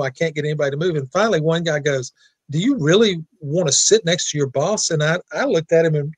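Animated storytelling man, dry sound. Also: a little high, no room sound. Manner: animated anecdote-telling with quoted dialogue. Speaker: guest attorney. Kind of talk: storytelling in an interview.

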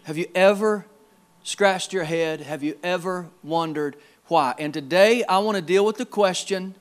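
High-voiced man preaching a sermon. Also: unhurried. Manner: emphatic preaching with repeated words and swings in loudness. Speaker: pastor. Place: church service.

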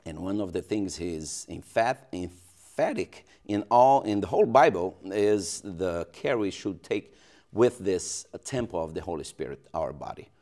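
A male pastor with a Brazilian Portuguese accent, speaking in a local TV interview with many pauses, fillers and restarts. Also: low voice, lively intonation, mellow.

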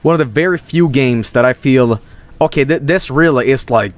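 A man streaming a video game, rambling and swearing in casual commentary with sudden high-pitched outbursts. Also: moderate pace.

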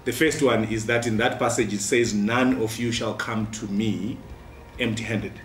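A man giving a midweek devotion as a pastor, earnest and steady, with frequent pauses. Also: lowish voice, slight background noise. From Zimbabwe. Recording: roomy sound from a distant mic, faint music.

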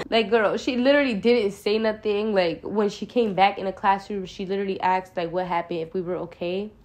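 Animated young woman telling a story. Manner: animated retelling, acts out her own quoted lines louder and higher; addresses viewers as y'all, slangy and profane. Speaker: vlogger. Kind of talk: casual storytime.

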